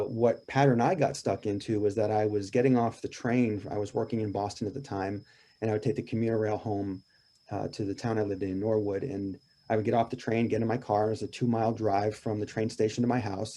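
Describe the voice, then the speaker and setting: A man's voice: on the low side, warm tone. A man speaking as a podcast guest and grief coach, telling a personal story in an earnest, reflective and emphatic way.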